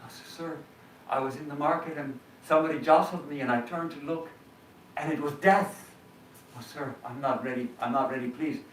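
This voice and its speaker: A man's voice: on the high side, normal speed, slight background noise, pitched above the performer's own voice, natural voice. A man voicing a terrified male servant who pleads in panic, heard from a distance in a roomy hall.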